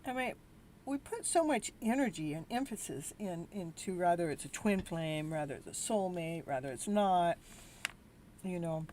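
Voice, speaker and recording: A tired, worn-out woman hosts a live tarot reading, talking to viewers in a lowish, dark-toned voice with lively intonation at a moderate pace. She rambles, sounds weary and exasperated, and keeps restarting, with slight background noise behind her.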